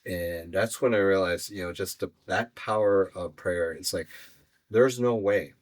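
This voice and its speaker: A man with a deep, low voice tells his own story as a podcast guest. He speaks earnestly and haltingly, leaning on "you know" while he gathers his thoughts. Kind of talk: personal storytelling in an interview.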